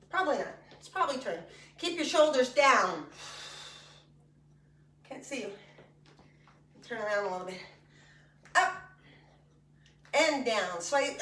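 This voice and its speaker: A high-voiced woman leads an exercise class, chatty and joking as she calls out each move. Her voice is bright and carries. It is picked up from a distance in an echoey room. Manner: chatty and joking between cues. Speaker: fitness instructor. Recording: echoey room, mic far off.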